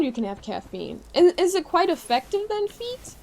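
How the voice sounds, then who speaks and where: A young woman with a Midwestern American accent, chatting with her live-stream chat while playing a game, reading messages aloud with excitable reactions. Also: a little high, moderate pace, few pauses, slight background noise.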